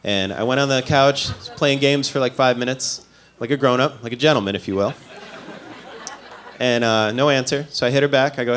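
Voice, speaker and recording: A male comedian from the Midwest tells a long story in a loose, conversational way. He makes fun of himself as he goes and drops dry side remarks. His voice sits at an ordinary middle pitch for a man. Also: moderate pace, fairly bright tone, slight background noise. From American Midwest. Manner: loose, self-mocking storytelling with dry asides. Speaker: stand-up comedian. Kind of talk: stand-up comedy.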